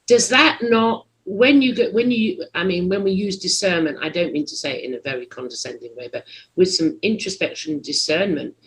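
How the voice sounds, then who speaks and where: A husky podcast host talks at length in a loose interview, hunting for words and teasing the guest. Pitch and loudness leap up and drop away as the thoughts tumble out, sitting in a middle register overall. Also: normal speed, poor audio. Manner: rambling, searching for words, teasing; big swings in pitch and loudness. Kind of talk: conversational interview.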